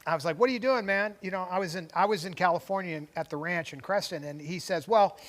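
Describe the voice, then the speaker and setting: A man's voice: fairly high pitch, fairly even intonation, quick pace. An older man co-hosting a talk show, telling a long story in casual chat with many restarts, tangents and chuckles. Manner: rambling, goes off on tangents with frequent restarts; chuckles between phrases. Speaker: co-host.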